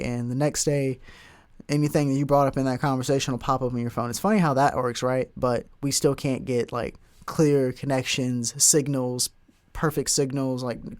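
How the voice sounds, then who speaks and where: A young man talks alone on his podcast in a loose, rambling way, full of slang and asides. His voice sits at an ordinary middle pitch, and he drifts from one thought to the next without hurry. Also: clear, resonant tone. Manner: rambling, relaxed slang-filled talk. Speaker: podcast host. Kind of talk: casual solo podcast talk.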